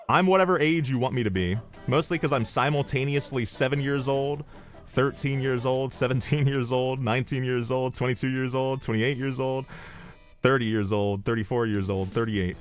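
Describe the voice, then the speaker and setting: A male streamer with a steady, mid-range voice talks at a normal pace over faint music. He chats casually, tells rambling stories, swears freely and laughs at his own jokes.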